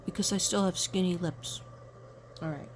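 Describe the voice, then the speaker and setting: A chatty woman reading cards for her viewers wanders from one story to the next and talks right to them. Her voice sits on the low side, and a faint hum of noise runs behind it. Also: steady tone, moderate pace. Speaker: card reader. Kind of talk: casual storytelling to camera.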